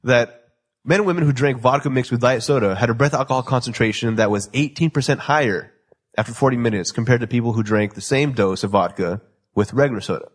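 Laid-back husky man joking around. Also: mid-range voice, fast. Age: 20s. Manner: loose, joking, laughs often. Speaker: podcast host. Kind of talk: casual chat.

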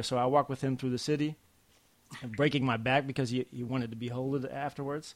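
A man, a podcast guest telling a family story in a halting, lively way. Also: mid-range voice. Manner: halting, restarts often, lively when telling stories. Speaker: podcast guest, comic artist. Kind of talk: casual storytelling chat.

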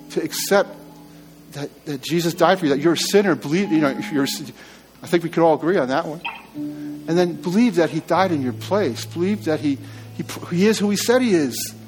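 A man's voice: fairly high pitch, lively intonation, moderate pace, darkish tone, soft background music. A man preaching a sermon as pastor in a church, earnest and conversational, often restarting his phrases.

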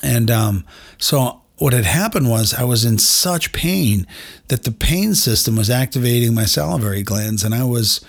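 Middle-aged male podcast host, husky voice, candid and self-deprecating storyteller who talks straight to his listeners. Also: mid-range voice, lively intonation, moderate pace. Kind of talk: personal storytelling monologue.

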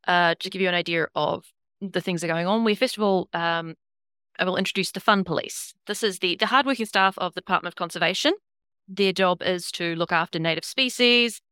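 A woman's voice: medium pitch, sharp tone, clean tone, no echo, studio quality. A woman running a tabletop game and explaining the rules in a casual, rambling way, swearing freely. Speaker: game master.

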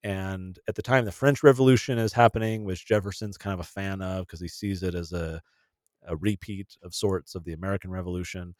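A man's voice: deep voice, steady tone, brisk, dry recording. A man co-hosting a podcast, explaining history in casual chat with frequent restarts and fillers. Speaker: podcast co-host.

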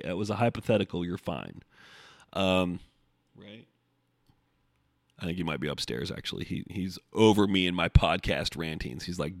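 Male podcast host, lower register, dry and close, casual profane rambling monologue. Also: very animated, moderate pace, pauses often, dry recording. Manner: blunt, profane, rambling with restarts. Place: home, recording before the gym.

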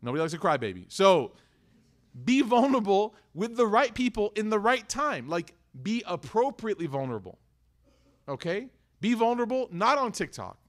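A man's voice: high-pitched, sing-song, normal speed. A young man teaching a religious lesson in a casual, conversational way, acting out little dialogues as he tells stories. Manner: conversational, acts out dialogues in storytelling. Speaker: Islamic teacher. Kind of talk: religious talk.

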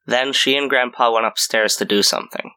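A man narrating a scripted horror story in a measured storytelling way. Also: mid-range voice, bright, forceful tone, smooth.

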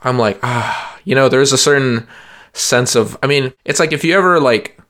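A young man co-hosts a podcast, rambling through casual chat with lots of "like" and restarts. He speaks at normal speed in a medium-pitched, fairly bright voice.

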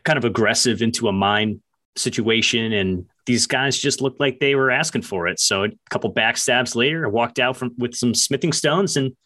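A man's voice: medium pitch, normal speed, sharp tone. A man on a casual gaming podcast, talking about games with upbeat enthusiasm. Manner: enthusiastic, upbeat gamer talk. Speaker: podcast co-host.

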